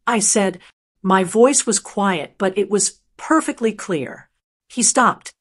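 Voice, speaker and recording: Calm woman narrating a first-person story. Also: medium pitch, slow pace, husky.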